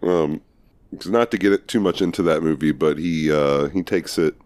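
A man with a strikingly low, deep voice talks casually on a podcast. He is loose, jokey and swears freely. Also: normal speed, darkish tone. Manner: joking, loose and profane. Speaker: podcast co-host. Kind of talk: casual chat.

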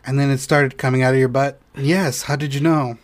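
A man co-hosting a comedy podcast, chatting loosely, joking loudly and slipping into silly voices. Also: medium pitch, little pitch movement, fairly quick. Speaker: podcast co-host. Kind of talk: casual comedy chat.

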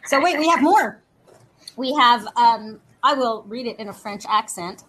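A woman chatting as a guest in a lively, playful, flirty way, joking as she talks. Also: fairly high pitch, measured pace, slightly rough. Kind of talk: lively casual chat.

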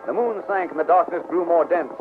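A man's voice: on the high side, fairly quick, background noise. A man narrating an old radio western in a stirring, declamatory way. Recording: tinny old radio with music.

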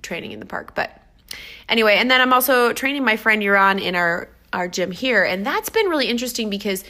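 A woman's voice: mid-range voice, fairly quick. A woman fitness trainer telling stories about her clients in a casual, enthusiastic vlog. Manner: upbeat, enthusiastic, animated storytelling.

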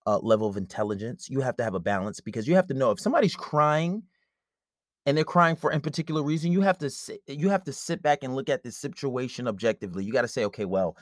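A man talks straight into the mic in a dry, close setting, handing out blunt dating advice in a loose, chatty monologue. He slips into quick impressions of conversations as he explains his points. His voice sits at an ordinary middle pitch. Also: no room sound. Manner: blunt, conversational, acts out quoted dialogue. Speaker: podcast host. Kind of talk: casual relationship advice monologue.

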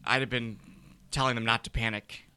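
A man, a guest comedian, trading deadpan, self-mocking jokes in casual podcast banter. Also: mid-range voice, brisk, clean tone.

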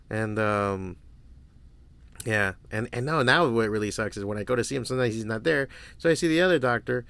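A man's voice: mid-range voice, vocal fry, fairly bright tone, dry recording. A man in his forties hosting a solo podcast, telling stories in a crude, rambling way and swearing freely. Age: 40s. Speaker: podcast host. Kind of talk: casual solo podcast monologue.

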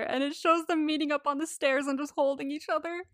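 A woman's voice: sits high, fairly even intonation, fairly quick, fairly bright tone, no room sound, studio quality. A young woman co-hosting a podcast, chatting casually, laughing often and swearing freely as she gushes. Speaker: podcast co-host. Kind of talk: casual chat.

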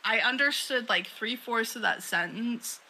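A woman's voice: on the high side, a little slow, bright, forceful tone, slight background noise, rough recording. A woman co-hosting a podcast in casual chat, rambling with many fillers and frequent laughs. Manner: rambling, lots of "like" and "um", laughs often. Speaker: podcast co-host.

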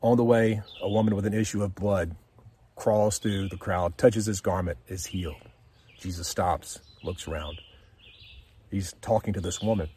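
Deep, darkish and a little rough, the voice belongs to an American devotional speaker on his podcast. He reads scripture and unpacks it in his own words, keeping the talk casual, sincere and uplifting.

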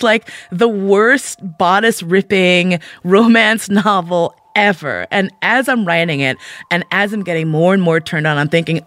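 A woman's voice: lowish voice, no echo. A woman telling a frank, candid personal story as a monologue, acting out her own thoughts in quoted asides.

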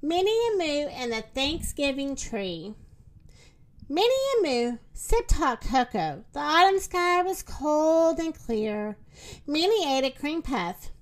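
A woman telling a children's story aloud at an unhurried pace. Her high voice rises and falls with lively expression. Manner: slow, expressive.

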